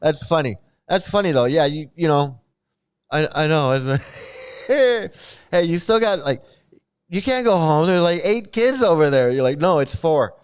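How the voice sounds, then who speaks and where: A middle-aged man rambles through casual commentary, repeating himself, cursing and laughing at his own stories. His voice sits high for a man and comes through smooth and clear. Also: expressive, measured pace. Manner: rambling, laughs often, swears, stammers. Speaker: channel host commenting on a cult.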